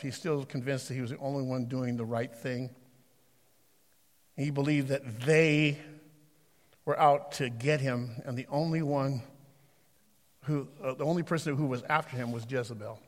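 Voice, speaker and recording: A man preaching a sermon in a church, swinging between shouted exhortation and quiet reading of scripture. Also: medium pitch, steady tone, normal speed. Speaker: pastor. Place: church sanctuary. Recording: long hall reverb.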